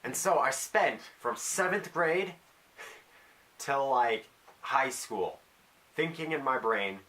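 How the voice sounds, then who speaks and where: A man's voice: mid-range voice, lively intonation, slow pace, long pauses, pushed and bright. A teenage boy talking casually in a rambling, self-deprecating vlog monologue with jokey asides. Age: teens. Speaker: vlogger.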